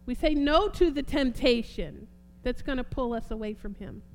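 A woman preaching a sermon, fervent, repeating phrases and swinging between soft and emphatic delivery. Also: a little high, lively intonation, normal speed, creaky, a little hiss or hum.

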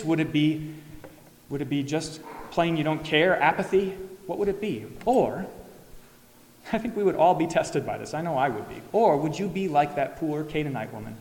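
A man preaching a sermon as pastor, earnest, asking the congregation rhetorical questions and acting out imagined replies. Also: a little high. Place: church sanctuary. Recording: echoey church hall.

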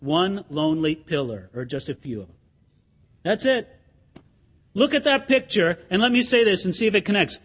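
A man's voice: sits high, sing-song, moderate pace, long pauses, fairly bright tone, slightly rough. A male pastor preaching a sermon, pressing his point with rhetorical questions to the congregation and acting out crowd chants and quotes.

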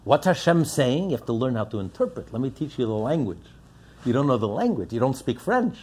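A man's voice: medium pitch, very animated, a little fast, darkish tone, husky. A man preaching a sermon, impassioned and building up with rhetorical questions. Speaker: religious teacher.

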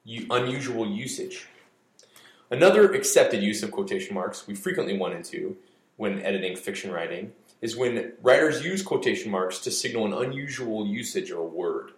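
A man with a lowish voice reads a scripted explainer as a podcast host, dry and a little mock-dramatic. The sound carries a noticeable room echo. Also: animated, normal speed. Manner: wry, mock-dramatic delivery. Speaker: podcast host for an editing service.

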